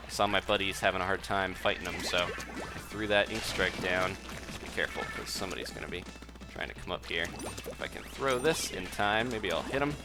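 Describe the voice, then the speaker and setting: A young man streams a game live with easy, chatty commentary, often laughing and reading out the chat. His voice sits on the low side. Game music plays clearly behind him. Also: a little fast.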